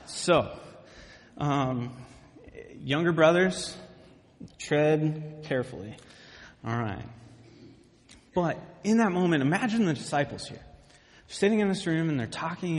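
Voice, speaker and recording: A young man preaching a sermon with lively storytelling, often checking in with the listeners by asking "okay?". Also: on the high side, in a large hall.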